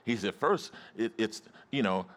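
Emphatic male preacher with a lively voice. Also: lowish voice, measured pace. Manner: emphatic, call-and-response with the congregation. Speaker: pastor. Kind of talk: sermon.

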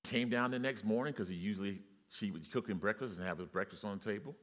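A man preaching a sermon, telling stories and rising to loud exclamations. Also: fairly low pitch, fast.

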